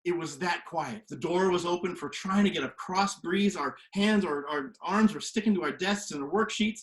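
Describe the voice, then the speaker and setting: A man telling a story to the camera from his home kitchen, animated and swinging from hushed to loud. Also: high voice, normal speed. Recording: echoey kitchen room.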